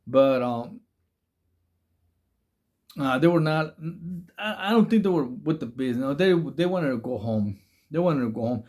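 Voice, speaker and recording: A man's voice: medium pitch, lively intonation, unhurried, pauses often, a little mellow. A man who did time, telling prison stories in casual, profane, slang-filled talk with lots of restarts. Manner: rambling, slang-heavy, profane, many restarts. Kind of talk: casual storytelling.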